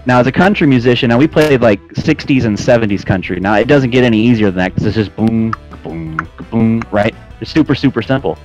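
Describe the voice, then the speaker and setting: A man's voice: medium pitch, fast, hardly any pauses, darkish tone, highs cut off, faint music behind. A man chatting casually as a podcast guest, telling a story with lots of laughing and "dude" and "man". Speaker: podcast guest, flight sim air traffic controller.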